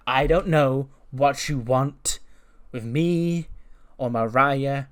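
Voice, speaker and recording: A man voicing a smug, boastful young woman wrestler, taunting in a slow, drawn-out way, as he recaps a wrestling simulation game. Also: mid-range voice, lightly acted.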